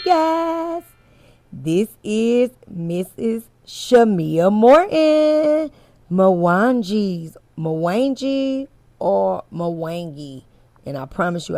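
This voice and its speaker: A candid, chatty woman hosts a casual commentary show and speaks directly to her viewers, swearing freely as she gives her opinions. Her pace is unhurried and drawn out, and her voice sits in a middle register. The sound is dry and close, with no room echo. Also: mid-range voice, a little mellow. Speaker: host.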